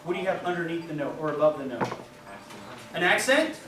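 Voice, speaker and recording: A man directing a high school band rehearsal, scatting rhythms on nonsense syllables and counting the players in. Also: very animated, a little fast, recorded from a distance, background noise. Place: large band rehearsal room. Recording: echoey rehearsal room from afar with band music. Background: band playing.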